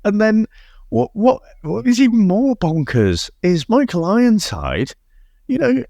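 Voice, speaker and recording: A man's voice: high voice, very animated, unhurried, gravelly, dark tone, dry recording, clean studio sound. A man co-hosting a casual film review chat, incredulous and sweary, often restarting his sentences. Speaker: podcast co-host.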